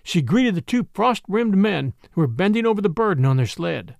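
A man's voice: high voice, very animated, brisk, gravelly, dry recording, clean studio sound. A man narrating an adventure story as host and storyteller, in a dramatic audiobook reading. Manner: dramatic audiobook reading, voicing each character. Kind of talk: scripted narration.

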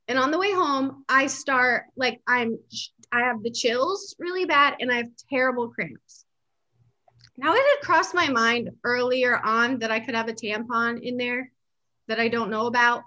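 A woman chatting casually as a co-host, telling an animated personal story, laughing often and acting out what people said. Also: on the high side, normal speed, lo-fi sound.

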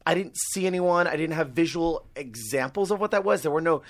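A man's voice: fairly high pitch, fairly quick. A man in his forties from Long Island, telling stories as a guest in a casual chat and laughing easily. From Long Island, New York. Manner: animated storyteller, laughs easily.

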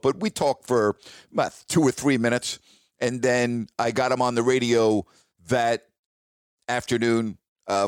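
A man's voice: mid-range voice, no echo, studio quality. A man who hosts a radio show, telling a story in a chatty, emphatic way and checking in with listeners. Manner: chatty, emphatic, repeats "all right?" to listeners. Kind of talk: casual storytelling.

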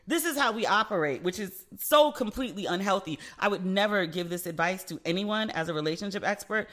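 A woman's voice: mid-range voice, brisk. A woman hosting her own podcast, chatting casually and frankly, swearing freely and acting out back-and-forth conversations as she tells stories. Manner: frank, profane, animated storytelling with quoted back-and-forth. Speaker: podcast host. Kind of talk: casual solo podcast chat.

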